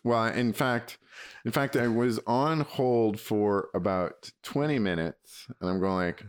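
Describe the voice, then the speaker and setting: A man co-hosting a podcast, telling rambling stories and grumbling in a relaxed chat. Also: on the low side, normal speed, clear, resonant tone, dry recording, clean studio sound. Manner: rambling storyteller, mock-grumbling. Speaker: podcast co-host. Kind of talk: casual chat.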